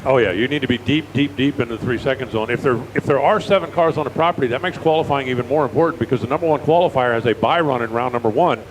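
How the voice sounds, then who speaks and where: A man's voice: mid-range voice, quick pace, hardly any pauses, rough recording. A middle-aged American man doing chatty, folksy live drag racing commentary at an outdoor raceway. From United States. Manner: chatty, folksy, animated storyteller. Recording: faint outdoor engine noise.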